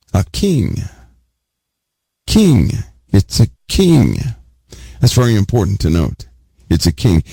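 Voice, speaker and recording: A man's voice: sits low, creaky, darkish tone, breathy edge, no echo. A man preaching a sermon, stressing key words over and over and putting questions to his listeners. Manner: emphatic, repeats key words, asks the audience questions. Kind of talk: sermon teaching.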